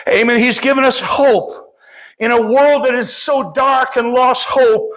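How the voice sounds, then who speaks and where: A man's voice: extremely high pitch, steady tone, a little slow, a bit bright. A middle-aged man preaching a sermon as pastor, impassioned and often calling out to the congregation.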